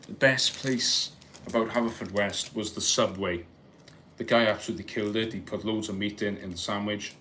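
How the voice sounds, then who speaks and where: A young Welsh livestream host chats casually with viewers, reading comments, joking, laughing often and wandering off into asides. His lowish voice sounds pushed and bright, with a steady tone and moderate pace, and there's slight background noise.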